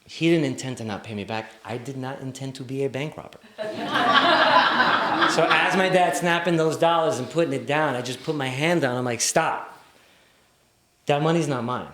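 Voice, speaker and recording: Young male storyteller, animated comic delivery, mid pitch, roomy live sound. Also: moderate pace, background noise. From New York City. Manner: comic, animated, acts out quoted voices. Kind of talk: live personal storytelling on stage. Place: small theater with live audience.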